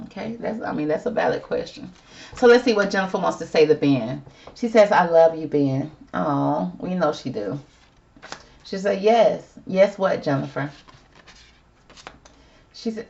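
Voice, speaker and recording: A woman's voice: deep voice, normal speed, vocal fry, a little mellow, highs cut off. A woman doing a casual tarot reading, chatty and sassy, calling viewers girl and y'all. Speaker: tarot reader.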